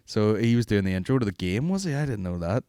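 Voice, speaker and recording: A man's voice: fairly low pitch, expressive, fast talker, warm tone, clean tone, no echo. A man, hosting a podcast in rambling, profane, jokey casual chat. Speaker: podcast host.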